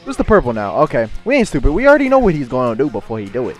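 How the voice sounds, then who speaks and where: A young man giving excitable gameplay commentary and trash-talking his opponent. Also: mid-range voice, rapid-fire, lo-fi sound, faint music behind. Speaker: gaming YouTuber.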